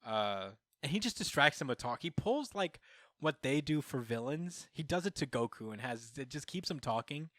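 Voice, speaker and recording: A man's voice: mid-range voice, sing-song, normal speed, fairly bright tone, dry recording, clean studio sound. A man co-hosting a podcast, recapping a comic chapter in casual chat and acting out the characters' lines with laughter. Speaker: podcast co-host. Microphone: podcast microphone.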